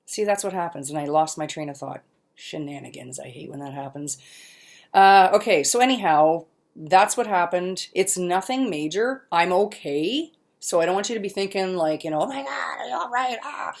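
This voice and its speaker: A middle-aged woman talking casually in a home vlog, chatty and self-deprecating, laughing often and sometimes pausing mid-sentence to find a word. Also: on the low side. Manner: pauses mid-sentence searching for words. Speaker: vlogger. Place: at her mother's home.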